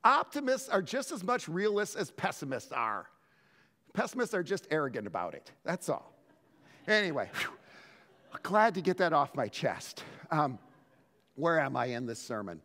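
A man preaching a sermon as pastor, telling stories in an animated way and often restarting his words. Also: fairly high pitch, moderate pace, big-room sound. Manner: animated storytelling with frequent word restarts.

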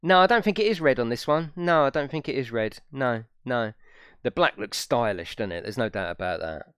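A man's voice: mid-range voice, animated, brisk, a bit bright, clean tone, no echo, studio quality. A young man casually chatting on a live stream, swearing freely and laughing often. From United Kingdom. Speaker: gaming streamer.

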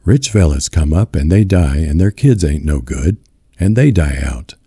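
A man voicing a weary, steadfast farm mother who soothes her son in a gentle rural drawl, in a storybook reading. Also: rumbling low, lively intonation, moderate pace, husky, dry recording, clean studio sound, heavily acted. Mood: reassuring.

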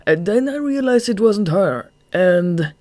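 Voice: mid-range voice, animated, a little slow, a little mellow, no echo, pitched above the performer's own voice, natural voice. A reader voicing a dim, nervous bat henchman. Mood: guilty. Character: dim, anxious male giant bat henchman. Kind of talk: audiobook character voice.

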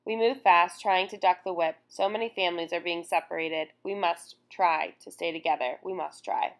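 A woman reading a first-person memoir aloud in a solemn, measured way. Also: lowish voice, steady tone. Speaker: audiobook narrator.

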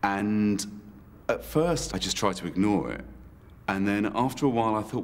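A man recounting an assault in documentary testimony, measured and reflective with halting pauses. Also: lowish voice, animated. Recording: music bed under the voice.

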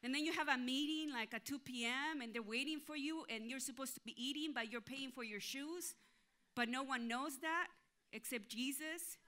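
A woman pastor preaches in a bright, ringing voice that sits a little high. She tells a story with lively energy and acts out her own thoughts and the other people in it as she goes. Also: normal speed. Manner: animated, acts out inner voices and quotes. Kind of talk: sermon with storytelling.

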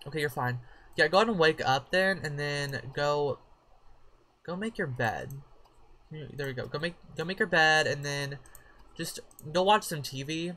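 A woman's voice: sits low, moderate pace, fairly bright tone. A woman casually commenting on her own life-simulation game, chatty and profane, breaking into sudden shrieks of surprise. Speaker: gaming channel host. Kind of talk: casual let's-play commentary.

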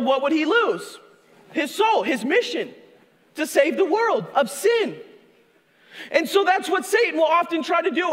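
A man preaching a sermon as a pastor, animated, acting out a tempter's voice and shouting for emphasis. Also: extremely high pitch. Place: church sanctuary. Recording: long echo of a church hall.

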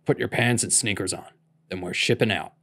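A man doing a gruff old minder. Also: lowish voice, fairly quick, fairly bright tone. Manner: gruff, grumbling.

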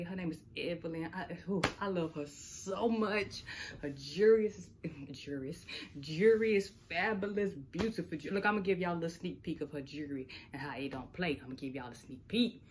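A woman chatting casually to camera while unboxing packages, laughing often. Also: lowish voice. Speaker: unboxing vlogger. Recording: noisy home recording.

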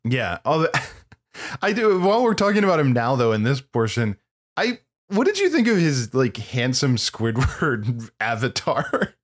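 A man co-hosting a podcast, chatting casually about a movie with animated, opinionated remarks and frequent laughs. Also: mid-range voice, unhurried. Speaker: podcast co-host. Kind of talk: casual movie-review chat.

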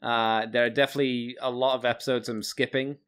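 A man's voice: medium pitch, level tone, brisk, fairly bright tone, smooth. A man co-hosting a fan podcast in casual chat, blunt and sardonic, with the odd swear word. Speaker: podcast co-host.

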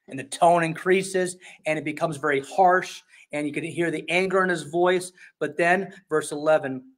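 A man preaching a sermon as pastor, shifting between soft and intense delivery and reading scripture aloud, sometimes repeating words as he searches for a phrase. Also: fairly high pitch, fairly even intonation, a little fast.

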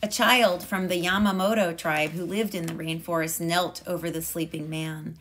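Woman, teacher, storybook read-aloud, calm and measured, lowish voice. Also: slight background noise. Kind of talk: reading a picture book aloud.

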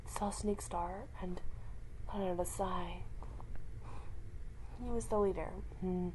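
A woman reading a roleplay story aloud, slow and halting with frequent restarts. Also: mid-range voice, a little hiss or hum, poor audio.

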